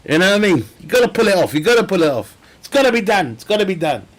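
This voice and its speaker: A man's voice: high-pitched, big pitch swings, rapid-fire. Jokey man streaming a game. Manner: rambling, jokey, laughs often. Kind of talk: casual chat while gaming.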